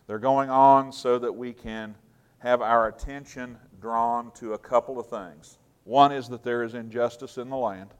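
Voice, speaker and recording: A man preaching a sermon with earnest emphasis, swinging between loud and soft and chatting in asides. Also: medium pitch, smooth.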